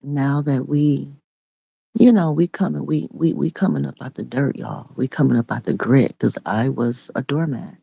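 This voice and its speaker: A woman's voice: rumbling low, fairly even intonation, normal speed, creaky, mellow, husky, dry recording. A middle-aged woman and online preacher giving an impassioned spoken testimony in a repetitive, raw preaching cadence.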